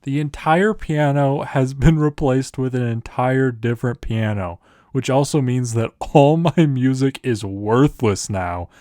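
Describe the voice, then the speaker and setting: A man's voice: mid-range voice, unhurried, hardly any pauses, dark tone, no room sound, studio quality, close to an everyday voice. A man voicing a haughty, irritable classical composer who scoffs at others. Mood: scornful. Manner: irritable and scornful.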